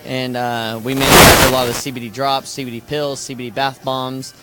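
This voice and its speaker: A man who makes drinks, chatting casually and pitching his products with enthusiasm. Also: level tone, over loud music. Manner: enthusiastic pitch, quick talker. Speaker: drink manufacturer. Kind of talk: casual chat.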